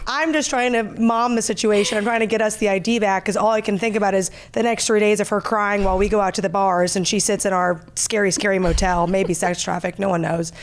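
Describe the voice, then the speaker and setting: A woman in her twenties, a podcast co-host, telling a story in animated casual chat. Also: mid-range voice, brisk, a little hiss or hum.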